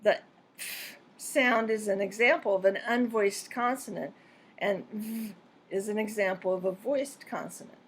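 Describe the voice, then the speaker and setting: A woman narrating a scripted pronunciation lesson in a clear, deliberate and measured way. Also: medium pitch, a little hiss or hum. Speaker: pronunciation teacher.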